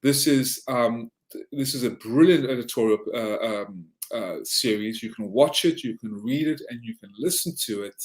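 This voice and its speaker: A man's voice: mid-range voice, moderate pace. A man with a Southern Georgia accent, a podcast guest talking in a heated, ranting way and often tripping over his words. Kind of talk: casual podcast chat.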